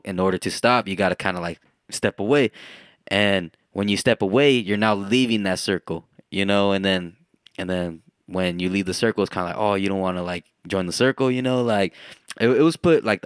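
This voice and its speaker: A young man with a very low voice talks in a loose, rambling way, leaning on fillers and casual swearing. The sound is dry and close. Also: no room sound. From United States. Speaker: podcast co-host. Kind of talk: casual chat.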